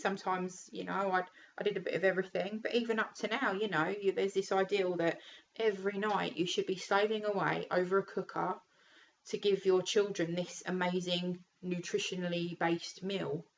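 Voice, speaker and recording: Brief: tearful British mum, low flat gravelly voice, blunt and sweary, dull lo-fi home recording with faint room noise. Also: female voice, normal speed. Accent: British English. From United Kingdom. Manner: frank, sweary, rambling with fillers. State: tearful, emotionally raw. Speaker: vlogger and mum. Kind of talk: candid casual vlog.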